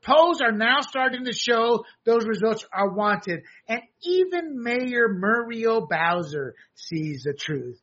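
A man co-hosting a political talk show, animated and sarcastic, often laughing and acting out mocking quotes. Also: very high-pitched, slow pace, few pauses, muffled recording. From abroad, a country once under dictators. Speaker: co-host.

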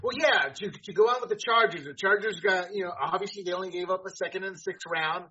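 Male podcast co-host, casual sports talk, bright and husky, emphatic, dull lo-fi recording. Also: sits high, quick pace. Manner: animated, emphatic, repeats words when starting.

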